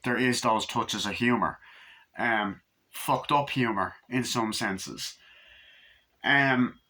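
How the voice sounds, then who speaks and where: Here a medium-pitched man reviews a film slowly, his tone sharp. The talk is loose and rambling, enthusiastic to the point of gushing, and peppered with heavy swearing.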